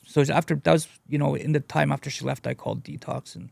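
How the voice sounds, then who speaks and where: A man sharing his addiction recovery story as a guest speaker. He talks in a halting, earnest way and leans on "you know" a lot. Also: a little high, steady tone, vocal fry, a little mellow, no echo. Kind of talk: personal testimony, casual storytelling.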